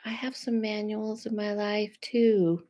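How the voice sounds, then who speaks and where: A woman's voice: mid-range voice, fairly even intonation, slow pace, dark tone. A woman hosting a live stream as a psychic medium, talking casually and reassuringly and drifting off on tangents. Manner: rambling and chatty, drifting off on tangents; reassuring and conversational, often checking in with listeners. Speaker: psychic medium livestream host. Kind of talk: casual live-stream chat giving readings.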